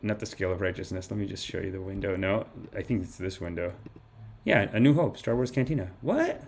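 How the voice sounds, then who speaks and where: A man hosting a live comedy podcast, telling a rambling story in an animated way, swearing freely and acting out the people he describes. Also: deep voice, fast talker, vocal fry, breathy edge. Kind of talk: rambling comic monologue on a live stream.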